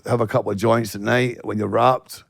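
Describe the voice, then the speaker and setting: A man's voice: fairly low pitch, little pitch movement, moderate pace, creaky, noisy background. A man with a Glaswegian Scottish accent, a guest telling stories in casual podcast chat, swearing freely and laughing. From Scotland. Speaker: actor guest.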